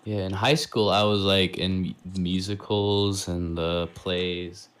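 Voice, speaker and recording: A man's voice: low voice, level tone, slow, fairly bright tone. A young man chatting casually with friends, laid-back, dropping "like" into almost every sentence. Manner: laid-back, says "like" a lot, laughs easily. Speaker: musician and co-host. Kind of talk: casual chat among friends.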